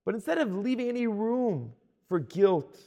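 A man delivers a sermon in a high, gravelly voice. He stays animated throughout and slips into the voices of the people he quotes. He often stumbles and restarts his words. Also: moderate pace. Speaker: Torah teacher.

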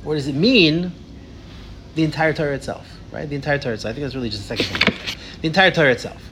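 A man teaches a casual discussion class in a quick, tumbling delivery. His voice sits a little high, and he restarts sentences as he builds stories. Faint room noise lingers behind. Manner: animated, fast storytelling with many restarts. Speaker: teacher leading a Torah discussion.

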